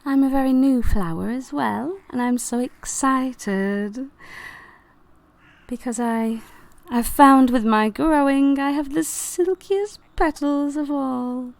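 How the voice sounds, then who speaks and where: A woman's voice: high voice, slow pace, vocal fry, darkish tone, no room sound, voice pushed up, heavily acted. A woman voicing a vain female rose flower who talks in a prim, gushing, proud way.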